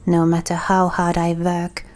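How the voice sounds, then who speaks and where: A woman's voice: lowish voice, monotone, unhurried, a little mellow, lightly acted. A woman voicing a hefty male gourd farmer who is competitive and suspicious, with a mild try at a rustic accent.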